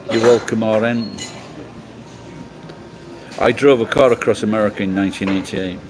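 Man from England, middle-aged, casual livestream chat, blunt, swears a lot, rambling, lowish voice. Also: steady tone, moderate pace, noisy background. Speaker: livestream host.

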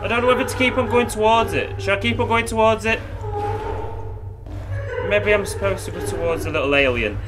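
A man with a British accent playing a horror game, jumpy and swearing, often shouting at what he sees. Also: sits high, brisk, pauses often, music in the background. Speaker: gamer.

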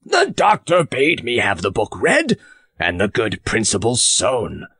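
A male audiobook reader voicing a blustering, hearty farmer who lectures with loud emphasis. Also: medium pitch, huge pitch swings, a little slow, slightly rough, no echo, studio quality, full character voice. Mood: emphatic.

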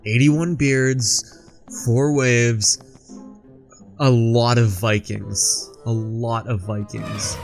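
A young man doing let's play commentary, jokey and rambling, yelling at the enemies on screen. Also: medium pitch, takes it slowly, faint music behind. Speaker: gaming YouTuber.

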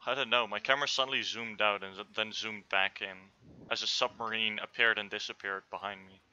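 A young man cracking jokes in relaxed gaming banter, his voice sharp and very bright. He sits a little low and comes through a dull, lo-fi voice-chat line. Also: fairly quick, clear, resonant tone. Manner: joking, laughing, wisecracks. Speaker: gamer.

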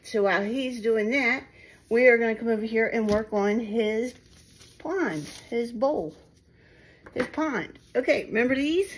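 A woman works on a resin craft project at her home table, chatting casually to viewers and poking fun at herself. Her voice is a little high and unhurried, and the phone camera recording is rough, with a little hiss or hum.

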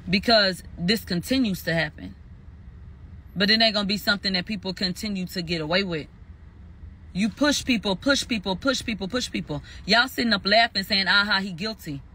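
A man's voice: sits high, normal speed, bright, forceful tone, breathy edge. A man giving a heated spoken recap, emphatic and profane, repeating phrases for stress. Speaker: commentator recounting a court verdict.

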